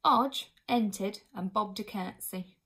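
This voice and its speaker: A woman narrating a storybook aloud, clear and expressive, at a mid pitch. She reads steadily and warmly through the prose. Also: slow. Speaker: audiobook reader. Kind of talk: storybook reading.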